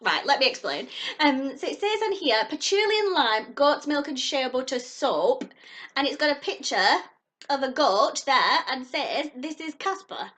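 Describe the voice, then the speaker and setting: A high, bright woman chats excitedly to camera while unboxing a subscription box. Her pitch leaps all over the place and she gushes at each new item. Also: unhurried. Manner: gushing and excitable, squeals at surprises. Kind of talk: casual unboxing chat to camera.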